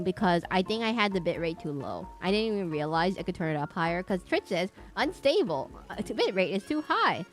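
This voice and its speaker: A woman talking through a live game stream in a mid-pitched voice, rambling and playful, with little hummed tunes between thoughts. Faint game music runs softly behind her. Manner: chatty and rambling, with playful sing-song humming.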